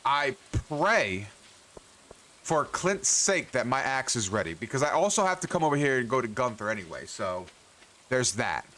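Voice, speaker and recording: While streaming a farming game, a man grumbles and swears at the characters, exasperated and talking to himself. His medium-pitched voice is a bit bright, moves at a moderate pace, and swings widely in pitch.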